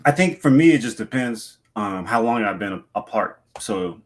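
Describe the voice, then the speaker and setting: A man's voice: on the low side, expressive, normal speed. A man co-hosting a podcast, talking in a laid-back way and reasoning through a question aloud. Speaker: podcast co-host. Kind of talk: casual chat.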